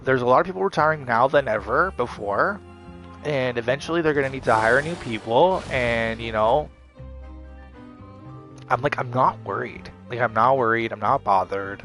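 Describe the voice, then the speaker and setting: A man's voice: mid-range voice, moderate pace, a bit bright, soft background music. Rambling man, defiant. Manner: repetitive, heavy with "like" and "you know" fillers; defiant, mocking. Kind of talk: rambling motivational monologue.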